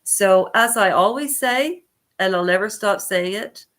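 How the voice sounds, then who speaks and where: A woman's voice: mid-range voice, expressive, measured pace, fairly bright tone. A congested woman talking to camera on her own vlog, meandering and hesitant and often correcting herself mid-sentence. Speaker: channel host. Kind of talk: rambling personal vlog talk.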